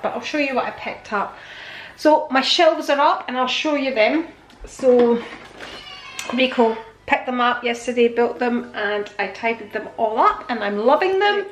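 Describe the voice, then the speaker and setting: Woman, casual home vlog, chatty, showing purchases, fairly high voice, faint background hiss. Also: poor audio. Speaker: vlogger.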